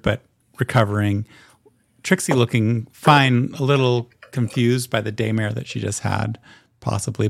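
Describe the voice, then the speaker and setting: A male game master narrating a tabletop game, describing scenes unhurriedly with many ums. His voice has a gravelly edge. The recording is dry and close. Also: lowish voice, no echo.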